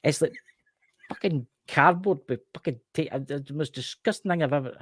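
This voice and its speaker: A man's voice: a little high, normal speed, dry recording. A Scottish man co-hosting a casual chat show, ranting animatedly and swearing freely. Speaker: podcast co-host.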